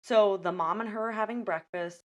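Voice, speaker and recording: A young woman hosting a casual podcast, retelling movie scenes in animated detail and acting out the characters' lines. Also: mid-range voice, moderate pace, dull audio. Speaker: podcast host.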